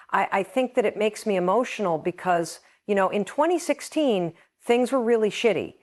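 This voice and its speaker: A woman's voice: medium pitch, lively intonation, moderate pace, few pauses, a little mellow. A middle-aged woman hosting a podcast, talking earnestly and with emotion about something that moves her. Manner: earnest, emotional, reads passages aloud. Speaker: podcast host. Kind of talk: heartfelt podcast monologue.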